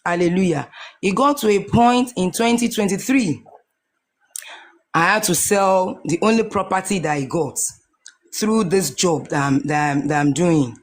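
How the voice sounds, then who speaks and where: A woman's voice: lowish voice, a little slow. A Nigerian woman in her forties giving an emotional personal testimony, earnest and repeating her phrases as she goes. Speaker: guest sharing a testimony.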